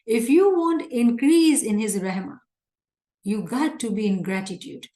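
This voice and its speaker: A woman's voice: on the high side, expressive, unhurried, mellow, reverberant. A woman teaching a religious lecture in an earnest, emphatic way, often repeating her points. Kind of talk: religious lecture explaining scripture.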